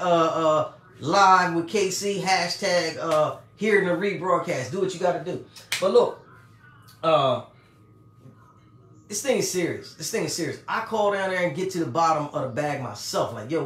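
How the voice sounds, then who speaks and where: A man who runs a home care agency, speaking to viewers in a casual live-stream pitch, animated and street-casual, often repeating his point. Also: reverberant.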